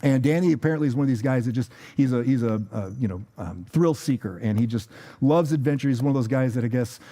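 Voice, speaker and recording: A man's voice: medium pitch, quick pace, mellow. A man preaching a sermon as a pastor, telling a story in a loose, conversational way with fillers and repeated words. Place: church.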